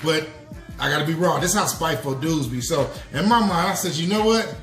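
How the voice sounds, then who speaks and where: A man's voice: a little high, fairly quick, fairly bright tone. A man hosting a podcast, telling a personal confession in a loose, slangy storytelling manner and calling the listeners "y'all". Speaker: podcast host. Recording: echoey room with faint music.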